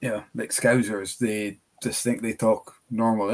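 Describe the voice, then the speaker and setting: A man's voice: fairly low pitch, little pitch movement, moderate pace. A man co-hosting a casual whisky chat, rambling with hesitant restarts and dry humour. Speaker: whisky shop co-host.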